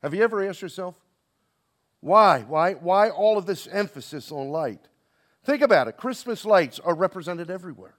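Pastor, male, high voice, preaching a church sermon with call-and-response. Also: animated, normal speed. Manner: rhetorical questions to the congregation, call and response.

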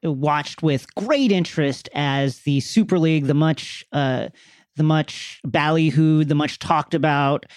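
A man hosting an interview, asking wry, measured questions with some fillers. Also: a little high, no echo, clean studio sound. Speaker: host.

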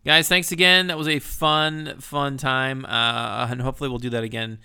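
A man's voice: mid-range voice, little pitch movement, normal speed, pushed and bright, clear, resonant tone. A man co-hosting a casual podcast chat, teasing his partner with dry humor. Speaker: podcast co-host.

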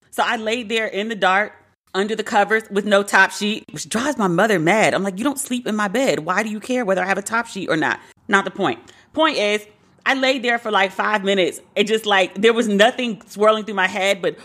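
A woman from Brooklyn with a New York accent tells a frank personal story to her audience. Her voice is bright and forceful, and her delivery is blunt and full of swearing. She slips into the other people's lines as she retells them. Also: mid-range voice, brisk. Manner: blunt, profane, acts out quoted dialogue.

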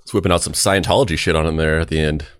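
A man's voice: rumbling low, steady tone, rapid-fire, a little hiss or hum. A man hosting a podcast in casual chat, rambling, with many restarts and "like"s as he thinks aloud. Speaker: podcast host.

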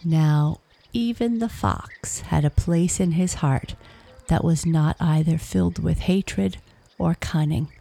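A woman narrates an animal fable slowly, drifting into a hush at times. Her low voice is dark and husky, with a gravelly fry. Crickets chirp faintly behind her. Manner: slow, hushed, gravelly reading. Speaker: storyteller. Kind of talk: storybook narration.

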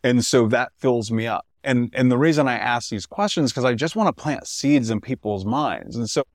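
A male podcast host talks in an animated, emphatic way, loose and casual with his guest. His voice sits at an everyday middle pitch. The sound is dry and close, with no room behind it. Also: normal speed, dry recording. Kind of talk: casual interview chat.

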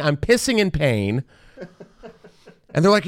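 A man co-hosting a podcast, telling a funny story in a casual chat and popping into high voices when he quotes people. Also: big pitch swings, normal speed, no room sound, studio quality. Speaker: podcast co-host.

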